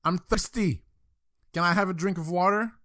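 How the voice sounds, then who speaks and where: A man's voice: sits high, moderate pace, pushed and bright, pitched above the performer's own voice. A man with a French accent voicing a small boy who keeps pestering his father for water in a told joke. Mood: pleading.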